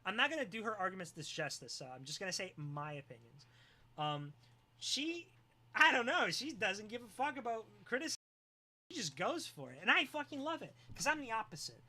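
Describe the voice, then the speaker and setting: Laughing, animated live streamer. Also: mid-range voice, brisk. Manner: joking and teasing, often laughing, sometimes yelling. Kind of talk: casual live-stream chat reacting to viewers.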